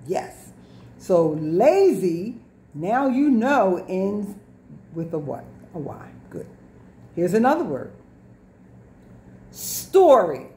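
A woman's voice: medium pitch, big pitch swings, slow, warm tone, slight background noise. A woman teacher giving a lesson to young children, repeating words, drawing out sounds and spelling words letter by letter. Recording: echoey room.

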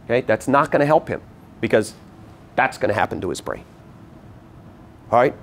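A man giving a live teaching talk to an audience in a meeting room, animated and repeating his key points. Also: medium pitch, moderate pace, slight background noise. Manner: animated, acts out voices to demonstrate. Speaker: workshop presenter.

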